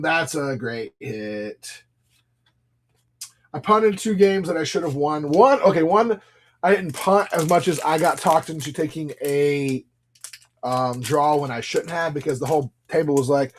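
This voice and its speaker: Here a live stream card seller speaks at a moderate pace in a fairly high, expressive voice. As he opens packs, he reads the cards aloud, calls out viewers by name, and chats and rambles through stories.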